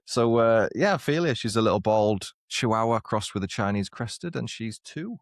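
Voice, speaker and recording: A man's voice: on the low side, animated, normal speed, dry recording, studio quality. A man co-hosting a podcast in casual chat, who often laughs at his own jokes. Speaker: podcast co-host. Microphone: lapel mic on walks, studio mic here.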